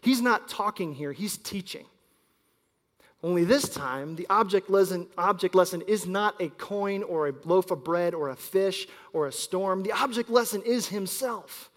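A man in his thirties preaching a sermon as pastor, telling stories and swinging between loud emphasis and quiet asides. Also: sits high, a little slow. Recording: long hall reverb.

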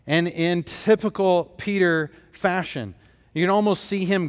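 A man's voice: fairly high pitch, measured pace, long reverb tail. A man preaching a sermon as pastor, telling the story in an earnest, emphatic way.

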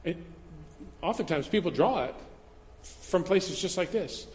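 A male pastor delivers a sermon in a relaxed, conversational style, now and then slipping into quick acted-out voices. His voice sits notably high for a man. It rings out with the long reverb of a large hall. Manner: conversational, animated, acts out little quoted voices.

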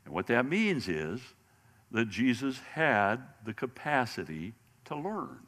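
Male Bible teacher, lively and bright-voiced, restarts and repeats words, long hall reverb. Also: medium pitch, slow. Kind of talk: sermon-style Bible lesson.

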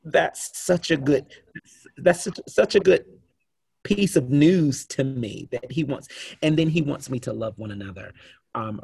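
An earnest man speaking to a church congregation about a reading plan, often stumbling and restarting his sentences. His voice has a husky, slightly breathy edge. The recording is dry and close, with no room echo. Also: medium pitch, darkish tone. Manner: earnest, restarts often, reads scripture aloud. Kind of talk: church announcement talk.

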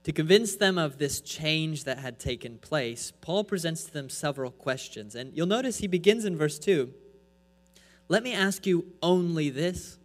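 A man preaching a sermon from the pulpit, pressing his point with rhetorical questions and swinging between loud and soft. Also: fairly high pitch, expressive, moderate pace. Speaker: pastor. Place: church. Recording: echoey hall with mains hum.

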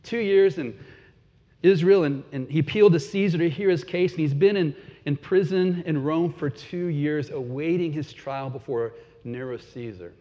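A man's voice: fairly high pitch, moderate pace, warm tone. Preaching man in a reverberant hall. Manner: conversational preaching with chuckles and repeated words. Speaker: pastor. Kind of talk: sermon. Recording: dull lo-fi sound with long hall reverb.

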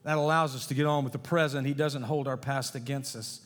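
A man's voice: mid-range voice, steady tone, brisk, fairly bright tone. A middle-aged man preaching a sermon in a folksy way, mixing jokes with scripture in a church sanctuary. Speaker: pastor. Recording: long hall reverb.

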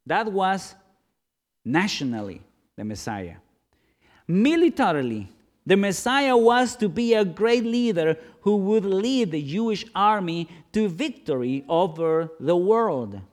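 Male preacher, slightly high voice, slow and theatrical sermon delivery. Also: sing-song. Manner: dramatic, swings from loud questions to hushed low lines.

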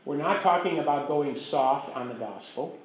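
A pastor with a fairly high-pitched voice leads a Bible class at a moderate pace, with the room's echo audible. His style is chatty, and he checks in with the group for agreement as he goes.

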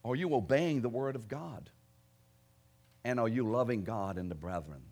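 Man, preacher, sermon, emphatic, swings between loud stresses and low quiet lines. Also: normal speed.

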